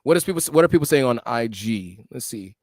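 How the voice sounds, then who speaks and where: A man's voice: medium pitch, lively intonation, fast talker, darkish tone, no echo. A middle-aged American man hosting a casual livestream, reading out viewer comments and answering them with many ums and restarts.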